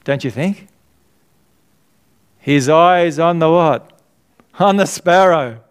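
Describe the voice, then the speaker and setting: A man's voice: a little high, takes it slowly, pauses often, clean tone. A middle-aged man preaching a sermon, earnest and conversational, often asking the congregation to fill in his words. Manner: asks the congregation questions to fill in. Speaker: pastor.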